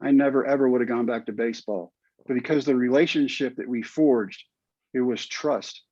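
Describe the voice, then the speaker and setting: A man's voice: medium pitch, normal speed, darkish tone, slightly rough, no room sound. Earnest man telling his story. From United States. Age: 50s. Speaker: guest, former pitcher and teacher. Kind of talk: storytelling interview. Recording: dull dry podcast audio.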